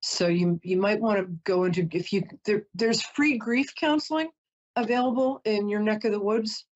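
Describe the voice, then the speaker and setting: A woman's voice: mid-range voice, normal speed. A woman giving a live call-in psychic reading, chatty and emotional, often apologizing and rambling. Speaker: psychic reader. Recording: lo-fi broadcast audio.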